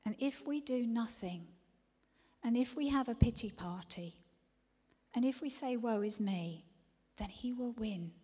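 A woman's voice: a little high, unhurried, warm tone, slightly rough. A woman preaching a sermon, earnest, often dropping to a whisper before emphatic declarations. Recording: long reverb of a large hall.

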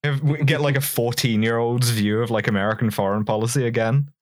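A man's voice: medium pitch, a little fast, no echo, studio quality. A man co-hosting a podcast, joking in casual banter with wry asides. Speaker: podcast co-host.

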